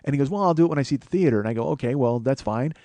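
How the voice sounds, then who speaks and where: A man's voice: mid-range voice, racing, dry recording. A man in his forties, a comedian and podcast host, telling a profane, exasperated comic story in a casual monologue. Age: 40s. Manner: profane, exasperated, animated retelling.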